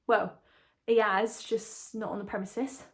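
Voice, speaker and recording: A woman's voice: medium pitch, flat delivery, unhurried, close to an everyday voice. A young woman performs a dramatic monologue as a chatty, confiding young woman engaged to a condemned prisoner. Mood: breezy. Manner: confiding, gossipy, breezy. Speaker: lead character in a monologue.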